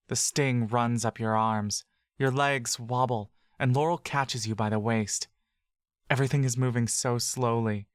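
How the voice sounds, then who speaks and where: An audio drama narrator reading scripted fantasy narration in the second person, slow and measured. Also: mid-range voice, no room sound, clean studio sound.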